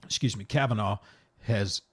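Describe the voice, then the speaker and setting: A man's voice: on the low side, normal speed, breathy edge. Rambling man hosting a podcast. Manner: rambling, self-interrupting, repeats words; blunt and animated. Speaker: podcast host. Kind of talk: casual opinionated chat.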